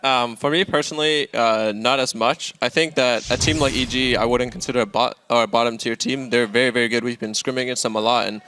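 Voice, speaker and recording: A man's voice: medium pitch, steady tone, fast, few pauses, pushed and bright, a little hiss or hum. A man answering post-match interview questions as a pro gamer, recounting plays in a candid, upbeat way.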